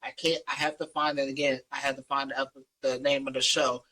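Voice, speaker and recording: A man's voice: mid-range voice, flat delivery, brisk, sharp tone, breathy edge, poor audio. A man with a Philadelphia accent co-hosting a podcast, ranting heatedly with lots of profanity and repetition. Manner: heated, profane, repeats himself while ranting. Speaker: podcast co-host. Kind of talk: casual chat.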